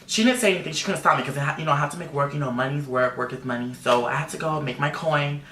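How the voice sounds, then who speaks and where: A young man, a makeup artist, telling a personal story in an animated, emotional vlog full of fillers. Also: fairly high pitch, fast talker. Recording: roomy echo.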